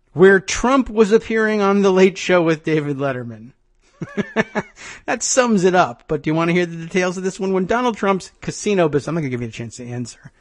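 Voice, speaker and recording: A man's voice: high voice, no room sound. A man hosting a radio talk show, reading news aloud with wry, sarcastic asides into a studio microphone.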